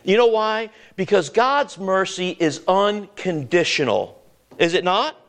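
High-voiced preacher asking the congregation. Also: male voice, animated. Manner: preaching with call-and-response questions to the congregation; slows down to stress words, then drops low and quiet. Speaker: pastor. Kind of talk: sermon.

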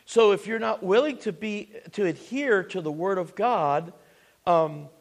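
A man's voice: sits high, unhurried, vocal fry. A man preaching a sermon as pastor, earnest and full of restarts and asides.

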